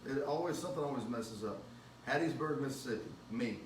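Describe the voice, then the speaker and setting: A man's voice: mid-range voice, a little fast. A man hosting a casual talk show as a singer, telling a rambling, self-correcting story. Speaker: host and singer. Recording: echoey room, mic far off, noisy background.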